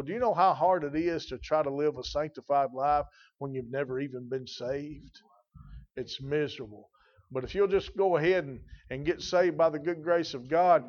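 A man's voice: fairly high pitch, darkish tone, dull audio. A man preaching a sermon in a folksy, emphatic way, his intensity rising and falling. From rural.

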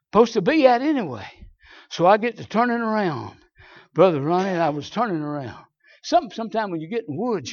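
A man with a Southern US accent preaching a sermon, telling folksy stories and swinging from low asides to shouted high points. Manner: folksy storytelling. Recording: dull lo-fi sermon recording.

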